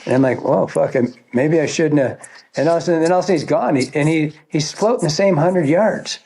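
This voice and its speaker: A man tells stories in a rambling way, full of swearing, and laughs as he goes. His voice sits a little higher than most men's. He talks like an old fishing guide spinning tales. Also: quick pace, gravelly, a little mellow, husky. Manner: rambling, profane, laughing storyteller. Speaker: fly fishing guide, podcast guest. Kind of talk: casual storytelling.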